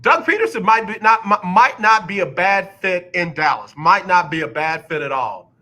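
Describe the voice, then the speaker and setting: A radio show host in a sports talk studio rants bluntly in a bright, forceful voice pitched a little high for a man, speaking animatedly at a moderate pace. He drives home his points by repeating them over and over, and now and then mocks others with an exaggerated announcer impression.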